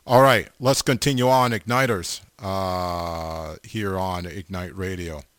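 A middle-aged man hosting a radio show, giving casual shout-outs to listeners with lots of fillers and repeated amens, speaking close to the mic. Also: sits low, fairly even intonation, slow pace, no echo.

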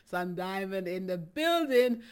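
A woman's voice: medium pitch, expressive, measured pace, smooth. Breathless Jamaican woman hosting a live stream. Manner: chatty and affectionate, greets viewers by name, laughs often. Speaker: live-stream gospel show host. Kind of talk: casual live-stream chat, reading out viewer comments.

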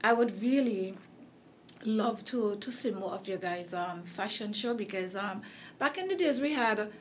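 A woman with a Caribbean accent hosts a casual interview chat in an expressive, unhurried mid-range voice, with a little hiss or hum audible. She's losing her voice and rambles, full of fillers and restarts.

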